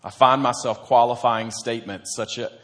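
A man's voice: medium pitch, steady tone, normal speed, a bit bright. A man, a church pastor, preaching a sermon in an earnest, conversational storytelling manner.

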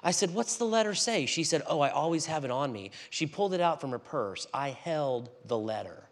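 A man preaching in a church, telling a story with animated swings between loud and hushed delivery. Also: on the high side, a little fast. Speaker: guest preacher. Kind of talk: storytelling sermon.

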